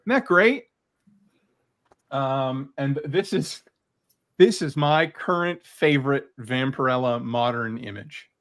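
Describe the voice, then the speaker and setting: A man's voice: mid-range voice, animated, slow pace, long pauses, fairly bright tone. A man chatting casually and eagerly about his collection as a guest creator, rambling with lots of fillers. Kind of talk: casual video chat.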